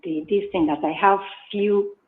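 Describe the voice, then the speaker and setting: A woman's voice: mid-range voice, fairly even intonation, unhurried. A woman guest who owns a small business speaks hesitantly and politely, with many restarts. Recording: thin phone line.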